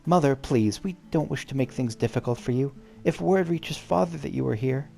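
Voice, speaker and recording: A man with a gruff voice reading an earnest, polite young nobleman from a game. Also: medium pitch, normal speed, warm tone, soft background music, natural voice. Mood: pleading. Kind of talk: reading game dialogue aloud.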